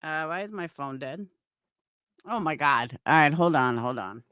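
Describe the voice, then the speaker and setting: A woman's voice: low-pitched, expressive, a little slow, fairly bright tone, clear, resonant tone, no echo. A middle-aged woman chatting casually on a live stream from home, swearing freely and answering viewers by name. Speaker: livestreamer and craft seller.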